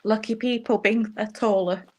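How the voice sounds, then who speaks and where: A woman's voice: on the high side, fairly even intonation, moderate pace, a little mellow, a little hiss or hum. A woman with a Welsh accent, a guest on a casual livestream, agreeing with short replies and laughing often. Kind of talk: casual chat.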